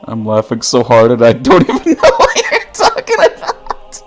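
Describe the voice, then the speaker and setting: A man's voice: mid-range voice, huge pitch swings, normal speed, faint music behind. A man streaming a story game, reading the text aloud between frequent laughs and joking banter with chat.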